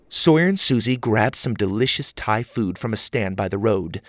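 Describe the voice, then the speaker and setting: A man narrating a children's adventure story with an animated, expressive read. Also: lowish voice, normal speed, no echo.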